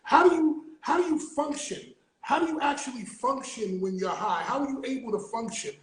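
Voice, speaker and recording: A man hosting an interview, telling a story in an excitable, stammering way. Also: very high voice, moderate pace. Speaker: interview host. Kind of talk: casual chat. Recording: roomy echo.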